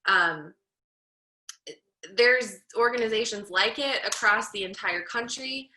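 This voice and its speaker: A woman guest on a podcast, giving earnest, measured advice with frequent pauses and ums. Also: a little high, bright, forceful tone, a little hiss or hum. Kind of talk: candid advice-giving talk. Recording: roomy echo.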